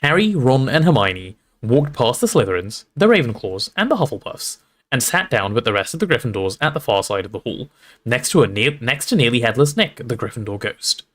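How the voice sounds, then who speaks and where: Man reading a storybook aloud, expressive. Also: mid-range voice, fairly quick. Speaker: streamer reading aloud to chat.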